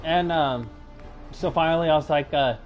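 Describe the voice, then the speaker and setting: A young channel host with a fairly high voice tells personal stories at a moderate pace, loosely and hesitantly, full of fillers and restarts. The audio sounds dull, and soft music plays in the background.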